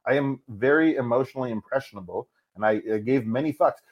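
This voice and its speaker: A man speaking candidly and profanely as an interview guest, animated and open. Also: mid-range voice, quick pace, muffled recording. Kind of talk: casual interview talk.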